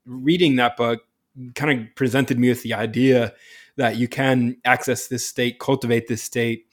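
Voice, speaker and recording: A man's voice: mid-range voice, steady tone, a little slow. Enthusiastic man hosting a podcast. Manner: enthusiastic, laughs often. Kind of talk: casual podcast conversation.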